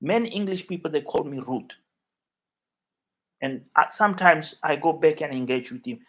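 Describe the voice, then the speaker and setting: A man from Africa hosting a casual live chat from his flat, rambling and emotional as he talks to viewers by name. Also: fairly high pitch, moderate pace. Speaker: YouTube livestream host.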